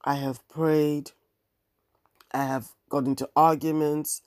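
A woman's voice: deep voice, level tone, slow pace, darkish tone, dry recording, studio quality. A woman hosting her own podcast, talking candidly in a wry, ranting monologue. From African heritage. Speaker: podcast host and bookseller.

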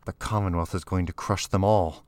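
A man reading aloud, voicing a calm, guarded teenage girl raised in a prison camp, speaking matter-of-factly. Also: deep voice, moderate pace, no echo, close to an everyday voice.

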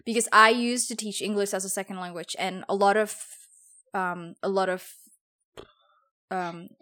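A woman from Java, Indonesia, and a former English teacher, co-hosting a podcast in casual chat, thoughtful and hesitant with many pauses. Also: mid-range voice, fairly even intonation, bright, forceful tone.

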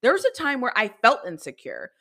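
A woman in her thirties talks straight into her podcast mic with a bright, forward voice. She rambles candidly through a personal story, full of "like" and "right?", and drops the odd curse. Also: fairly high pitch, wildly swooping pitch, brisk, creaky. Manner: chatty, filler-heavy, candid, swears casually. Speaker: podcast host.

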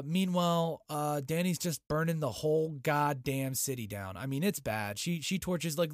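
A man giving an excitable, foul-mouthed casual recap of a TV episode. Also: mid-range voice, no room sound, clean studio sound. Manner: excitable, heavy swearing.

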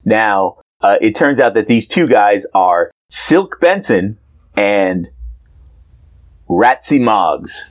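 A man's voice: on the low side, animated, slow pace. Playful, teasing man recapping a comic. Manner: playful, teasing, hesitant with fillers. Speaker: podcast co-host. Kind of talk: casual chat recapping a comic.

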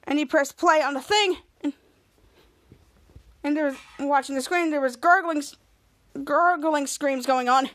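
A woman's voice: sits high, measured pace, long pauses, a bit bright. A woman hosting a podcast, retelling a show episode in a casual, rambling way, often correcting herself mid-line. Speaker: podcast host.

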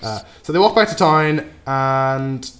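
Co-host, man, mid-pitch voice, loose plot recap in casual chat. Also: expressive, unhurried. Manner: loose plot recap, trailing off quietly, frequent "right?" and swearing. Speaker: podcast co-host recapping a film.

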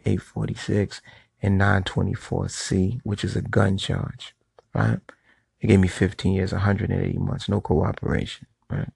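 A man's voice: low-pitched, creaky, darkish tone, slightly rough, no room sound. A middle-aged man giving a blunt, profane monologue to camera, telling street stories. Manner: storytelling. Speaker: vlogger.

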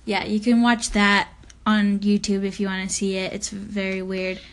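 A woman's voice: mid-range voice, little pitch movement, normal speed. A woman co-hosting a casual chat podcast, talking in a chatty way with joking asides. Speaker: podcast co-host.

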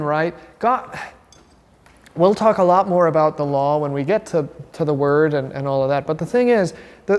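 A man, a pastor, teaching a catechism class in a lively, chatty way and asking the group questions. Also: high-pitched, big-room sound.

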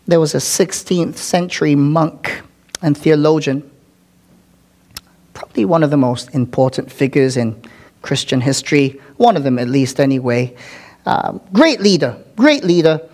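Slow, dramatic male pastor preaching. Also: fairly high pitch, darkish tone. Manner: dramatic preaching, drops to whispers for emphasis; repeats words for emphasis, occasional filler ums. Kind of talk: sermon.

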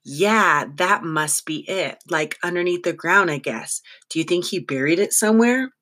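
A reader voicing a sharp, impatient girl with a sarcastic edge, in an audiobook. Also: medium pitch, animated, moderate pace. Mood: unsure. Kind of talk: audiobook reading.

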